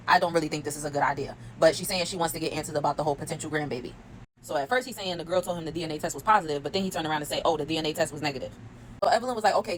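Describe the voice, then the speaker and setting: A woman rattles off a reality TV recap at a rapid clip, chatty and laughing as she retells what cast members said. Her voice sits low. A faint noise hangs under the recording. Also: rough recording. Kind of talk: casual recap commentary.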